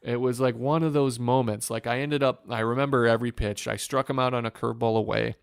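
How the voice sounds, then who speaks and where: A man from Northwest Ohio, a former pitcher, telling an earnest story in an interview with many restarts. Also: steady tone, fast talker, gravelly, clean tone, no echo, clean studio sound. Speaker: former pro pitcher, podcast guest.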